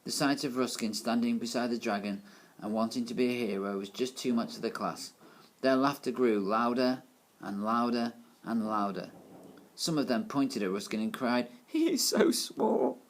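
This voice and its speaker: A man's voice: medium pitch, fairly even intonation, normal speed. A man reading a children's novel aloud in a plain storytelling manner, with small stumbles. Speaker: reader.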